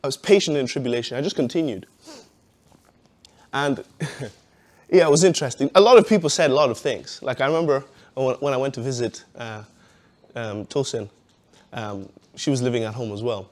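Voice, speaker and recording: A man's voice: medium pitch, moderate pace, pauses often, darkish tone. A man giving a personal testimony in a casual, conversational way, with many "you know"s and frequent laughs.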